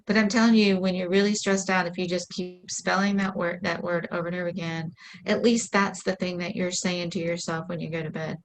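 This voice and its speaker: A woman's voice: lowish voice, level tone, a little fast, a little hiss or hum, poor audio. A woman chatting casually in a playful, upbeat way. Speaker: show host. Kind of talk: casual chat.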